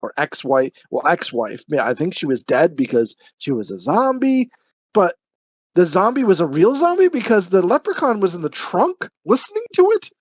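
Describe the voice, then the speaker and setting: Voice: medium pitch, very animated, normal speed, slightly rough, no echo. A podcast co-host in casual chat, chatty, often laughing, with lots of filler words. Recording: dry, dull lo-fi mic.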